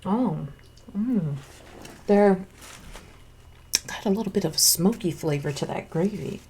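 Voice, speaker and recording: With a medium-pitched, darkish voice and a slightly slow pace, a woman streamer eats while chatting casually, chewing between words. She speaks candidly into a close desk mic, and there's faint music plus slight background noise.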